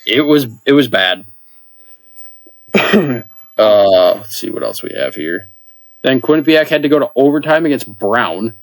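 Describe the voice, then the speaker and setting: A man co-hosts a podcast in easy, casual chat, running through a list of results. His voice sits at a middle pitch. The recording is dry and close, with no room sound. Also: animated, measured pace, long pauses, no room sound. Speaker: podcast co-host.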